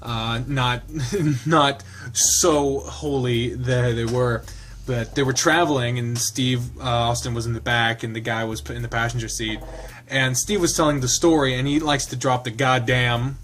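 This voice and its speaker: A man's voice: mid-range voice, fairly even intonation, unhurried, fairly bright tone, slight background noise. A man reading a visual novel aloud and commenting on it casually, laughing and rambling into asides. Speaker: game streamer.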